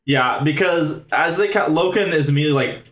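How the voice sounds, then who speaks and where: A man co-hosting a casual podcast, retelling a book scene and acting out the characters with loud exclamations. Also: fairly high pitch, fairly quick. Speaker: podcast co-host. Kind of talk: casual chat. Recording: roomy echo.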